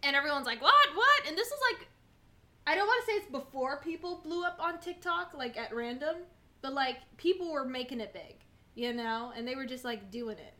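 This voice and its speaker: High bright chatty young woman. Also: fairly quick. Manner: rambling, filler-heavy with many ums and likes. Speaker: guest content creator. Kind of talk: casual chat.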